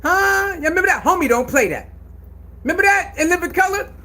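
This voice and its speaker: A man giving an animated sports rant, loud and laughing, with heavy slang and repetition. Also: extremely high pitch, fast. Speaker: sports commentator.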